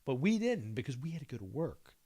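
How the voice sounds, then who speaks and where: A middle-aged man spins a rambling, profanity-laced story in casual podcast chat. His voice sits at an ordinary middle pitch, and he keeps piling on asides as he talks. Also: very animated, a little fast, warm tone. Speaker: podcast co-host.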